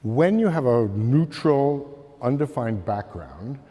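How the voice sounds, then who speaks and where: A man giving an art history slide lecture, halting with many fillers and calling for the next slide. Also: medium pitch, very animated, warm tone. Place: lecture hall. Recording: long hall reverb.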